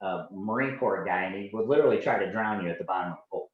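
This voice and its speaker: A man in his forties, a podcast guest and Navy veteran, telling animated anecdotes in a casual way and acting out the people in them. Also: fairly low pitch, quick pace. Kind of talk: casual storytelling. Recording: roomy, dull lo-fi sound.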